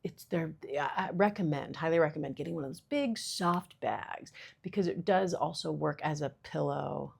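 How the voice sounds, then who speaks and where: A woman's voice: low-pitched, moderate pace, creaky, few pauses, husky. A woman in her thirties hosting a casual solo podcast, rambling and self-deprecating with lots of fillers. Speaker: podcast host.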